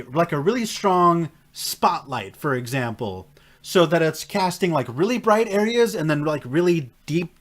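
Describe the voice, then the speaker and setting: A man with a high voice that swings all over the place, reviewing a show in a loose, chatty way. He jokes, laughs easily and scolds the characters on screen in mock outrage. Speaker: anime and tokusatsu reaction reviewer. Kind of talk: casual reaction commentary.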